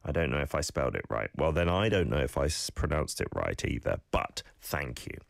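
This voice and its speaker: A man's voice: very deep voice, sing-song, fairly quick, creaky, no room sound, studio quality. A British man hosting a radio show, casually explaining words and patiently repeating them for listeners to practice. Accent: British English. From United Kingdom. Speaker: radio host teaching Korean. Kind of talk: casual radio talk with language teaching.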